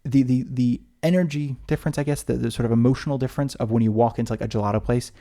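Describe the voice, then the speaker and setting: A man's voice: medium pitch, steady tone, very fast, dark tone. An American man co-hosting a podcast in casual chat, rambling with many restarts. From United States. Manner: rambling, lots of restarts and fillers. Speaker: podcast co-host.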